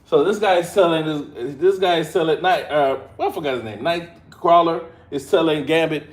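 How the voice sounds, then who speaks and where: A man giving a casual live review of an episode, retelling scenes in an excitable, slangy way. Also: a little high, moderate pace, hardly any pauses. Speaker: show reviewer.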